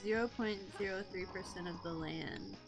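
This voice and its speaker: A woman's voice: on the low side, normal speed, creaky. A young woman co-hosting a live stream, chatting casually, laughing often and thinking aloud. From United States. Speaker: streamer co-host. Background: game music.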